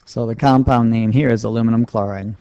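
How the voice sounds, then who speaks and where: Gravelly-voiced man teaching chemistry. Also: medium pitch, steady tone, brisk, dark tone. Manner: patient, step-by-step, plain-spoken. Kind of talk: explaining a lesson while writing on a board. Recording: dull lo-fi dry recording.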